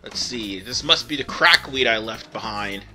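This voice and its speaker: Bright-voiced man rambling over gameplay. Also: on the low side, animated, moderate pace, faint music behind. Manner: rambling, self-correcting, with fillers. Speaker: let's play host. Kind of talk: casual gameplay commentary.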